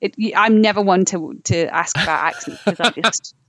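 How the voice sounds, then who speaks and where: A woman's voice: mid-range voice, moderate pace, a bit bright. A woman guest with a British accent, chatting animatedly on a podcast, rambling a little and laughing easily. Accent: British, shifting toward whoever she talks to. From England. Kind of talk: casual chat.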